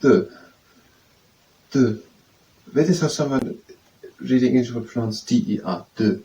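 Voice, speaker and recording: A man, tutoring by slowly repeating French phrases and testing how they sound, then leading simple wrist exercises. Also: mid-range voice, mellow. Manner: slow, repetitive, trying out pronunciations. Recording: distant mic with faint background noise.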